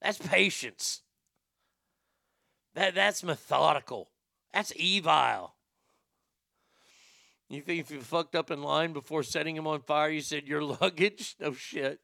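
A man's voice: fairly high pitch, takes it slowly, vocal fry, long pauses, sharp tone, dry recording. A man hosting an internet radio show, rambling through a profane, joking comedy monologue into a studio mic.

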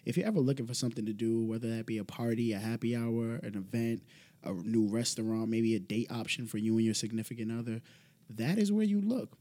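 A man's voice: medium pitch, fairly quick, dark tone. A man, a podcast guest chatting easily and plugging his own app. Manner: easygoing, self-promoting with plugs. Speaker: guest, app founder and event host. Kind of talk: casual chat.

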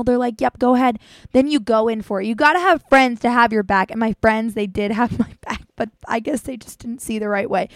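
In clean studio sound with no room echo, a young woman with a voice on the high side dishes out dating tips as host of a casual talk. Playful and chatty, she does little voices for boys and friends.

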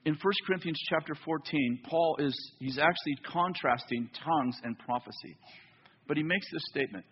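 High, husky-voiced preacher man. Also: moderate pace, lo-fi sound. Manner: animated storytelling, acts out both sides of dialogue. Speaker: pastor. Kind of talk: sermon. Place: church.

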